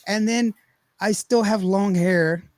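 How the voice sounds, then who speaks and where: A man, hosting a podcast and telling a long, rambling, animated story full of laughter and acted-out quotes. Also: sits high, slow pace, dry recording. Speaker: podcast host. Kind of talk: casual storytelling chat.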